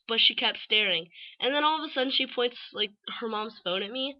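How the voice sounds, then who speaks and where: A woman's voice: on the high side, lively intonation, fairly quick, hardly any pauses, lo-fi sound. A teenage girl vlogging in a casual, rambling way, full of fillers and offhand swearing. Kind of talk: casual rambling chat to camera.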